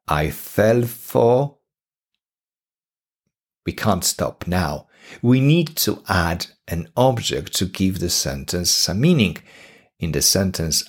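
A male English teacher with a Polish accent gives a podcast lesson in a low, husky voice with lively pitch. He speaks unhurriedly, slowly and deliberately, repeating his examples.

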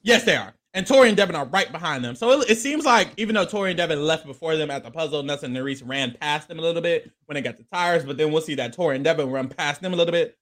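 A man co-hosting a casual reality-show recap, playful and animated, acting out people's lines. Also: on the high side, fast, few pauses.

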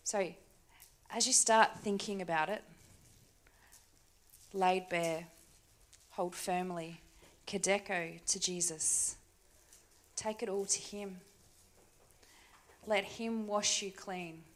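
A woman preaching a sermon in a church, talking conversationally with tag questions and dropping to soft, hushed asides. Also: medium pitch, fairly even intonation, takes it slowly, pauses often. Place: church stage.

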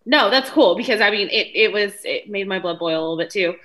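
A woman's voice: medium pitch, lively intonation, quick pace, pushed and bright. A woman co-hosting a casual film review podcast, speaking in a playful, joking way. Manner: playful, jokey. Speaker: podcast co-host.

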